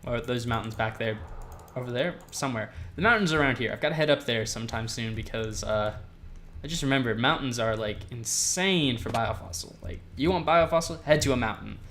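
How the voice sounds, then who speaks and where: A man's voice: mid-range voice, a little fast, fairly bright tone, slight background noise. A man hosting a gameplay video, chatting casually with rambling, self-mocking jokes.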